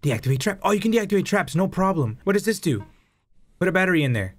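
A man's voice: high voice, sing-song, quick pace, slight background noise. A young Mexican man with a Mexican accent, hosting a horror game playthrough, jumpy, swearing and switching languages, shrieking when startled. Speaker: gaming host. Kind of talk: excitable horror gameplay commentary.

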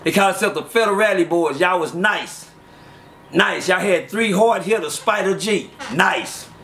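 High-voiced man telling street stories. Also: normal speed, gravelly. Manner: animated, acts out quoted voices loudly. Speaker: storyteller. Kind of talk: casual storytelling.

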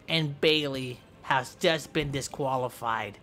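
A young man giving goofy, excitable play-by-play commentary over a game, yelping and shouting in mock pain. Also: medium pitch, measured pace. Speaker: gameplay commentator.

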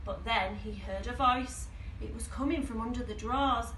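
A woman from a nursery reading a picture book aloud to small children in a slow, expressive storytelling voice, recorded in an echoey room with the mic at a distance. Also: fairly high pitch, heavy background noise.

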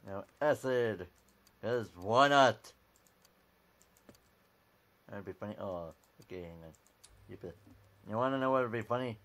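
A man's voice: on the low side, fairly quick. A man giving casual, dry commentary while playing a computer game, reading on-screen text aloud at a desk mic. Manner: offhand, dry, reads out on-screen text, keeps saying "alrighty". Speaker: gameplay video maker.

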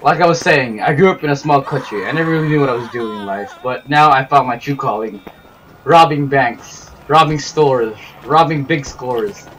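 A man's voice: medium pitch, normal speed, a bit bright, a little hiss or hum, rough recording. A young man narrating and chatting in character in an improvised game film, hesitant and rambling with many fillers. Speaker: crew member narrating a machinima film.

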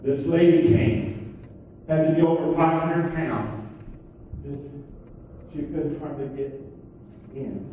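A man preaching a sermon as pastor, swinging from loud, high exclamations to soft murmurs. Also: slow pace, pauses often, highs cut off, a little hiss or hum. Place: church sanctuary. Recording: echoey church hall from far off.

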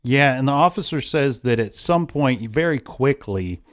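A man's voice: mid-range voice, expressive, normal speed. A man hosting a casual true-crime podcast, retelling events at length with frequent restarts. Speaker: podcast host.

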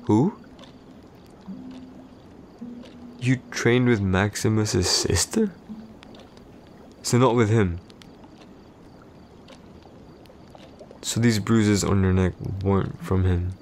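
A man voicing a possessive, jealous warrior husband in a whispered role-play, curt and irritated, speaking low and close. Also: measured pace, a little mellow, slight background noise. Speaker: voice actor in a boyfriend roleplay.

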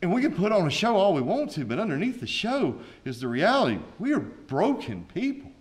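Man preaching a lively sermon. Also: high-pitched, a little fast. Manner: preaching with rising intensity, folksy asides. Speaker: pastor.

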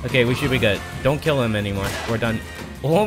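A man's voice: mid-range voice, quick pace. A man streaming a game in casual commentary from home, rambling, putting himself down and pleading with an in-game companion, on a desk mic with game music behind. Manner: self-deprecating, rambling, pleads with a game character. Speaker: gaming streamer. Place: home room with a TV. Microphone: desk mic on an arm.

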